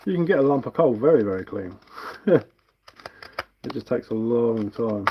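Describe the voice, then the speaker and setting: While carving on a live stream, a man rambles in a relaxed, self-mocking chat with his viewers. His mid-range voice moves at normal speed through a headphone mic, with the highs cut off and a noisy background.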